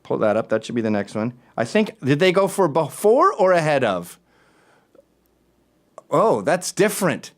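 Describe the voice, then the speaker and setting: A man hosting a talk show, ranting in an animated, sarcastic way, jumping between loud remarks and muttered asides. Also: a little high, moderate pace, pauses often. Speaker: show host. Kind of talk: opinionated talk-show rant.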